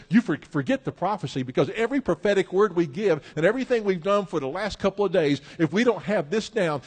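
A man preaching a sermon, emphatic and repetitive, rising to loud peaks and dropping low, with some stumbles and restarts. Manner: repeats phrases, stumbles and restarts.

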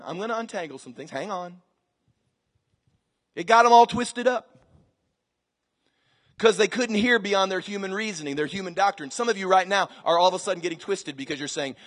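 Here the preacher is a man with a high voice who speaks briskly but leaves long pauses, moving from soft asides to scripture shouted out loud. It's a sermon recorded in a large, echoing church hall with a congregation present and a long reverb.

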